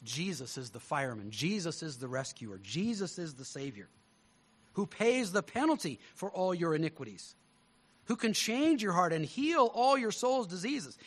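A male pastor preaching a sermon, telling stories with lively swings between loud emphasis and hushed tones. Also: sits high.

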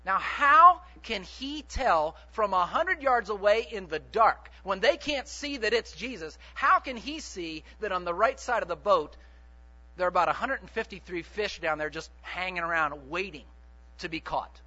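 A man preaching a sermon in an animated, joking way, often putting questions to the congregation. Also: sits high, moderate pace, highs cut off.

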